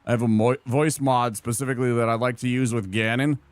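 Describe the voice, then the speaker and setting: A man's voice: medium pitch, steady tone, fast, no room sound. A young man playing a video game and chatting casually, joking and rambling with restarts. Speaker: gaming streamer. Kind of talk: casual let's-play chat.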